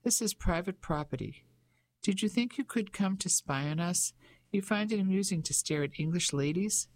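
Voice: medium pitch, moderate pace, voice pushed up, lightly acted. Reader playing a haughty middle-aged Englishwoman, indignant, officious, storybook audiobook. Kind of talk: audiobook character voice.

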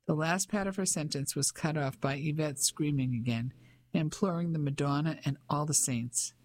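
An audiobook narrator reading in an even, measured way. The pitch sits in a middle range. The storytelling is steady and unhurried. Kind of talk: scripted narration.

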